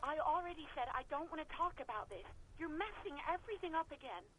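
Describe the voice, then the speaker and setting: A woman's voice: sits high, animated, fast talker, bright, forceful tone, a little hiss or hum, poor audio. A woman voicing a nervous young former bar waitress who talks on the phone, apologetic and evasive. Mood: anxious. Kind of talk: video game voice acting.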